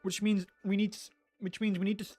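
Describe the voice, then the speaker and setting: A chatty streamer rants about a favorite topic in a casual livestream. The delivery is excitable, full of stammered restarts and quick asides, in a mid-pitched voice. Quiet music plays faintly behind. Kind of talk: casual livestream chat reading comments.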